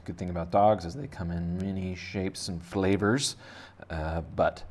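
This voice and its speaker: An art teacher gives kids a casual drawing lesson, rambling and joking as he thinks aloud while sketching. His voice is low-pitched with a darkish tone and fairly even intonation, and he doesn't hurry.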